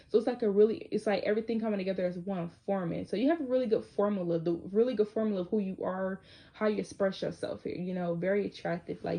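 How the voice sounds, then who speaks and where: A woman's voice: medium pitch, dark tone. A woman in her twenties from Michigan giving a casual, chatty tarot reading with loose slangy talk. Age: 20s. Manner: chatty and loose, slangy, sings snatches of lyrics. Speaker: tarot reader.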